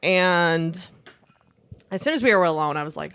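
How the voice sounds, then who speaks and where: A woman's voice: fairly low pitch, expressive, normal speed, long pauses, a bit bright, smooth. Rambling, swearing young woman storyteller. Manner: rambling, swearing, many fillers and laughs. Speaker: podcast co-host. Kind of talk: casual storytelling chat.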